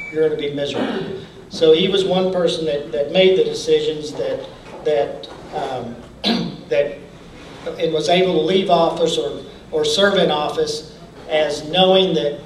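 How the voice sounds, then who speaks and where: A man giving a folksy motivational speech at a campaign training event. He often restarts his sentences and clears his throat. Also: a little high, slight background noise. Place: event hall. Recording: echoey hall from far off.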